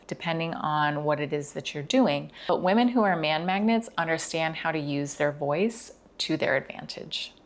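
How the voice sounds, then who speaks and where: A young woman talks viewers through a video lesson with a lowish, even voice. She takes her time and shapes each word with deliberate care. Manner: slow, deliberate, enunciating. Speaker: dating and confidence coach.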